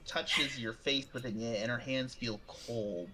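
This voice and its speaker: A man's voice: mid-range voice, steady tone, slow pace, music in the background, low-quality recording. A man narrating a tabletop horror game as game master, with loose, rambling description full of fillers.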